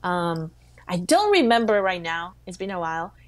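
A woman co-hosting a faith talk show, telling a story with lively quoted voices. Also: lowish voice, moderate pace, dry recording. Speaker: co-host.

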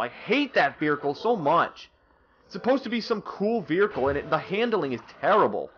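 A man's voice: on the high side, muffled recording, slight background noise. A young man swearing and ranting in exasperation as he comments on his own gameplay. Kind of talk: let's-play commentary.

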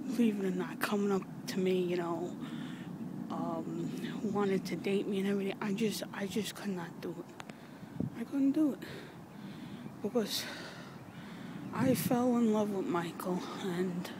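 A woman recording an emotional personal video message, halting, sighing and swearing as she nears tears. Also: medium pitch. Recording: noisy background with vehicles.

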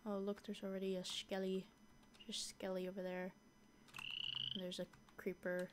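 A young woman chatting casually through a modded block-building game, easily scared and quick to shriek at monsters. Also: medium pitch, completely flat delivery, background noise. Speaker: gaming YouTuber. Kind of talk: casual gameplay commentary.

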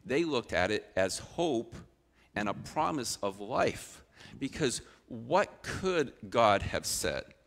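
A middle-aged man, a pastor, preaching a sermon with expressive storytelling that swings from loud to quiet. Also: medium pitch, slow, vocal fry.

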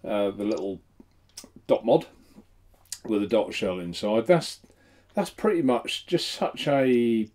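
Chatty man with a mellow voice. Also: on the low side, slow, long pauses. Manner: chatty, self-mocking, laughs often. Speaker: host. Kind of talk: casual live-stream chat.

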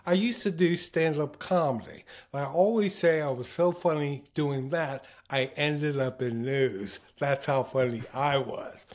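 Slow-talking man telling stories. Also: a little high. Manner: acts out quoted voices, laughs often. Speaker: interview guest, former TV broadcaster. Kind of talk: casual anecdotal storytelling.

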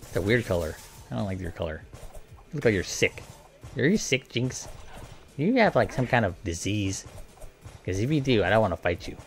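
A man's voice: fairly low pitch, very animated, normal speed, long pauses, faint music behind. A man casually commentating a video game, joking and talking playfully to the characters. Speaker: gameplay commentator.

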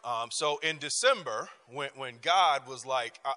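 A man's voice: medium pitch, measured pace, in a large hall. A man teaching a church class, telling a personal story with frequent laughs and talking straight to the room. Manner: animated, laughing often, talks to the room. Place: church hall. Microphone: handheld microphone.

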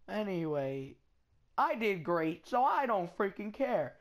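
Slow-talking excitable young guy gamer. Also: high voice. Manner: excitable trash talk, slangy. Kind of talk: gameplay commentary. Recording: loud gunfire from the game behind. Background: game gunfire and effects.

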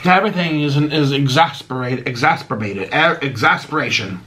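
This American mukbang YouTuber's voice is mid-range, bright and forceful, moving at a moderate pace. He chats casually with viewers as he eats, rambling and often breaking off to restart his sentences.

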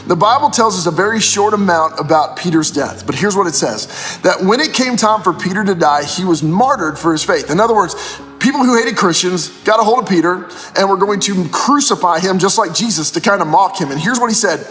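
A man's voice: sits high, fairly bright tone, in a large hall. A man preaching a casual devotional as pastor, retelling scripture in slangy everyday speech.

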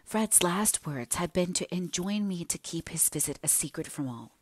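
A woman's voice: lowish voice, lively intonation, moderate pace, slightly rough, no echo. A woman voicing an earnest, remorseful young woman in an audiobook, confessing in an emotional, pleading way. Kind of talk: audiobook character reading.

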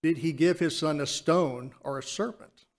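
Earnest man, slightly high voice. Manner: earnest, slows for emphasis on key phrases. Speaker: church speaker. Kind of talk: Lord's Supper reflection. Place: church sanctuary.

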